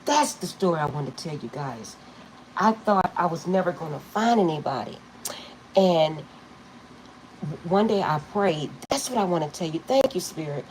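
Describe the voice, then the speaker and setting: A woman's voice: sits low, animated, normal speed, darkish tone, a little hiss or hum, low-quality recording. A middle-aged woman reading tarot, telling rambling stories to her viewers and laughing often. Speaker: tarot reader. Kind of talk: casual storytelling to viewers.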